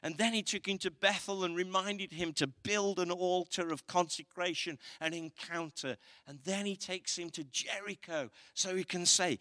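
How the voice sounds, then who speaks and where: A man's voice: fairly high pitch, a little slow, sharp tone. A pastor delivers a sermon in a slightly raised voice, driving his points home with emphatic repetition. The sound is dry and close, with no room echo. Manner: preaching with rising intensity, emphatic repetition.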